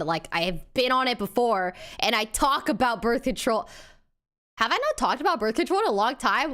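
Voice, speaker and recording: Tearful young woman streamer, lively pitch. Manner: tearful, laughing between thank-yous to chat. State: crying. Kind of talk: casual live-stream chat.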